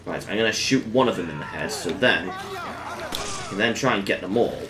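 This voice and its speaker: A man giving casual let's-play commentary on a game, breaking into excited exclamations. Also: fairly low pitch, moderate pace. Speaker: gameplay commentator.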